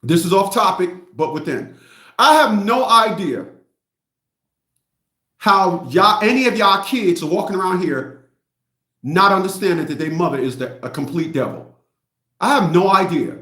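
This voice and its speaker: High-voiced man ranting bluntly in an echoey room. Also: animated, normal speed, pauses often, a bit bright. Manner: blunt, mocking, repetitive. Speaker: host. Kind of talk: livestream rant.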